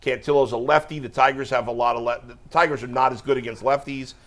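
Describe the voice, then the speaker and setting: A man talks through playoff pitching with calm authority, his voice sitting in a mid register. He lays out roster decisions and stats in steady, informative sentences, like a regular host of a sports show. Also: quick pace. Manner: steady, informative, stat-heavy. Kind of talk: casual sports talk.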